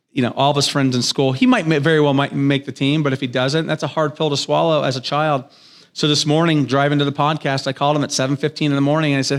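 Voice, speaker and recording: A man in his thirties or forties, a guest in a podcast studio, telling a family story in an earnest, enthusiastic way and acting out the dialogue. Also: medium pitch. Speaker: podcast guest, business owner. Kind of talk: casual interview storytelling.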